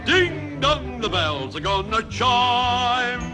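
Jolly cockney old geezer, high, slow, big loud orchestra. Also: male voice, very animated, music in the background, exaggerated voice. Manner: rowdy, jolly sung delivery. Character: boisterous old cockney father about to wed. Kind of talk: musical song. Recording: sung over a loud orchestra.

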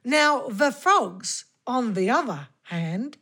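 A woman's voice: fairly high pitch, expressive, slow pace, fairly bright tone. A woman co-host giving playful, scripted banter in a joking mock-Cockney way. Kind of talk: scripted radio chat.

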